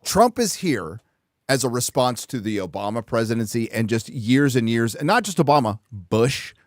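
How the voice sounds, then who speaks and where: A man's voice: medium pitch, animated, moderate pace, dry recording, studio quality. A man hosting a casual chat podcast, speaking bluntly and emphatically and swearing freely. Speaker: podcast host.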